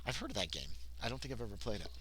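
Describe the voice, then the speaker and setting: A man's voice: medium pitch, very animated, very fast, a little hiss or hum, rough recording. A man casually narrating a solo tabletop horror game on a livestream, reading passages aloud and chatting with viewers. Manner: chatty, reads text aloud, thinks out loud. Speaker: solo game player and streamer.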